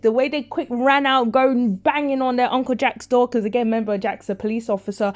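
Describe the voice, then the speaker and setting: A woman casually recapping and reviewing a soap episode, chatty and animated, acting out characters' lines with big reactions. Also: a little high, fairly quick, hardly any pauses.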